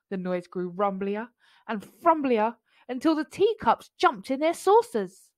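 Slow, expressive woman reading a picture book. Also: fairly high pitch, dry recording. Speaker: storybook reader.

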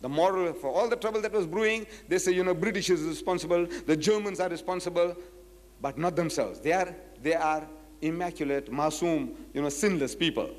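A man's voice: on the high side, fairly quick, a little mellow, long reverb tail. A man giving a public lecture, reading quotes from a book and pressing his point with emphatic rhetorical questions. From South Africa. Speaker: Islamic lecturer.

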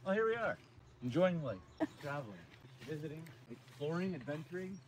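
A man hosting a casual outdoor live stream by a lake, joking and rambling in an animated way. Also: a little high, normal speed, slight background noise.

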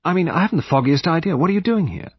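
A man voicing a tall young man who talks in a brisk, blunt, clipped way. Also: a little high, animated, husky, no room sound, muffled recording, voice pushed up. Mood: puzzled.

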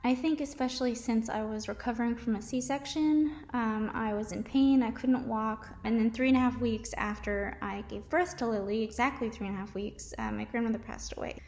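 A young woman with a slightly high voice shares her own story in a candid, confessional way. She restarts and trails off often. The recording has a noticeable room echo. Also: steady tone, darkish tone. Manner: halting and confessional, with many restarts and fillers. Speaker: mom vlogger sharing her story. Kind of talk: candid personal testimony.

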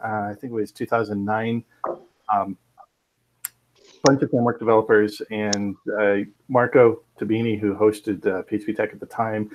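A man who is a podcast guest, telling a story in a relaxed way with lots of uh and um. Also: fairly low pitch, moderate pace, a little hiss or hum, rough recording. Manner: relaxed storytelling with many fillers. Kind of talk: casual panel chat.

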